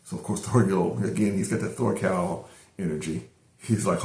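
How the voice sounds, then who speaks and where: A man's voice: low voice, moderate pace, darkish tone. A middle-aged man casually reviewing an episode, retelling the plot in a rambling way with many fillers and restarts. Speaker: anime reviewer. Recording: roomy echo.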